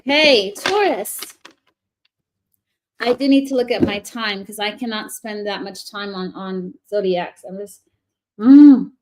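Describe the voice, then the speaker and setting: A woman's voice: medium pitch, slow pace, darkish tone. A woman giving a casual live tarot reading, chatty and rambling, often restarting her sentences. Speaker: tarot reader.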